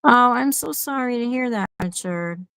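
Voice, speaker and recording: A woman guest in a casual chat, friendly and encouraging, with halting speech. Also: a little high, animated, a bit bright, no echo, poor audio. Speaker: guest collector.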